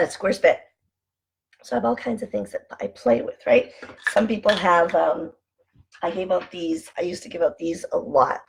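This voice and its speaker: A woman hosting a casual motivational vlog from home, chatty and animated as she tells anecdotes. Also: lowish voice, moderate pace, gravelly, a little hiss or hum. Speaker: online show host.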